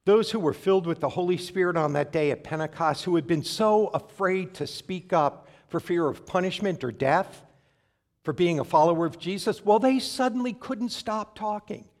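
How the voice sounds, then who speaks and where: A man's voice: high voice, normal speed, darkish tone. Wry storytelling male preacher. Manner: wry, conversational, playful asides. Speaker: pastor. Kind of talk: sermon with humorous storytelling.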